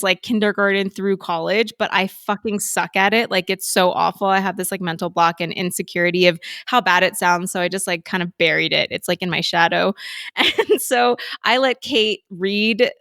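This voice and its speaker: A woman of middle pitch hosting a podcast, recorded dry and close. She talks candidly in a loose, casual way and laughs often. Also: steady tone, moderate pace, pushed and bright, no room sound. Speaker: podcast host. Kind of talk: casual reflective chat.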